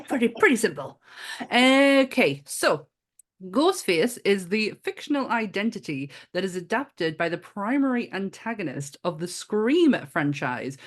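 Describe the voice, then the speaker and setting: Playful northern English woman host. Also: fairly low pitch. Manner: playful and chatty, laughs often. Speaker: podcast host. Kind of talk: casual podcast chat.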